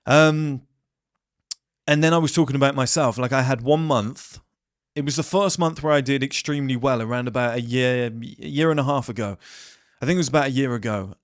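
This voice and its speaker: A man's voice: medium pitch, brisk, dry recording, studio quality. Blunt man rambling to camera. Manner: blunt, rambling, swears freely. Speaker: self-improvement vlogger. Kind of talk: casual monologue to camera.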